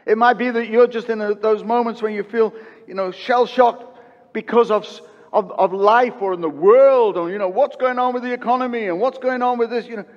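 Man in his fifties preaching, hushed to loud. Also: very high-pitched, a little fast, big-room sound, highs cut off. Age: 50s. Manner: swings from loud emphatic peaks to hushed quiet; repeats phrases for emphasis. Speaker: pastor. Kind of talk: sermon. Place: church.

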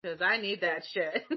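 Laughy woman fangirling, kinda husky, swears a lot, dull lo-fi audio. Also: medium pitch. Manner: giggly, animated, swearing freely. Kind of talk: casual fan chat. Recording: dull lo-fi sound.

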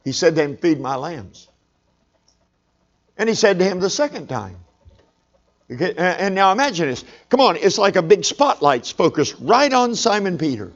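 A man's voice: high voice, very animated, normal speed, muffled recording. A man preaching a sermon, telling a story conversationally and calling for amens.

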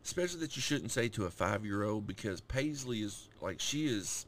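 A man in his thirties co-hosting a podcast, chatting casually with lots of slang and swearing, telling animated stories. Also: lowish voice, brisk, a little hiss or hum. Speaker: podcast co-host. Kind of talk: casual chat.

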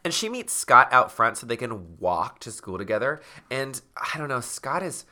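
A man co-hosting a chatty podcast, recapping a spooky children's story. His voice is bright and lively, jumping up and down in pitch as he slips into playful voices for the characters. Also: moderate pace. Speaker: podcast co-host retelling a book. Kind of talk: casual chat.

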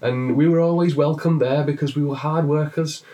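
A man's voice: on the high side, fairly even intonation, moderate pace, dark tone, far from the mic, voice pushed up, natural voice. A man voicing a jolly, kindly Irish man in a pub, with a put-on Irish accent that drifts toward Welsh.

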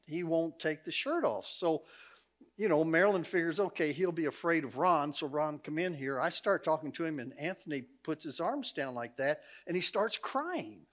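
A man's voice: a little high, animated, normal speed, a bit bright. A middle-aged man, preaching as a guest speaker in a church, telling folksy stories with a joking, laughing manner. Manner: folksy, jokey storyteller, laughs often. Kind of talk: sermon with storytelling. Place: church sanctuary.

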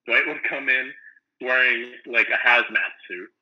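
A man's voice: medium pitch, a little slow, muffled recording. A young man co-hosting a casual podcast, rambling with lots of fillers and acting out imagined scenes. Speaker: podcast co-host.

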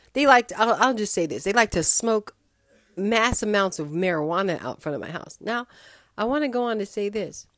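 A woman's voice: fairly low pitch, dry recording, studio quality. Sassy woman ranting on a podcast. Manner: sassy, animated, wandering asides. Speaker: podcast host. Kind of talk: opinionated podcast monologue.

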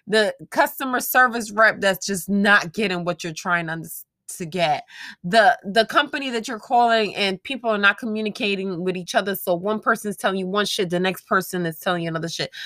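A woman's voice: medium pitch, brisk, a bit bright, no room sound. A woman hosting her own show, giving a casual motivational monologue to her listeners, frank and profane, laughing often. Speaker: podcast host.

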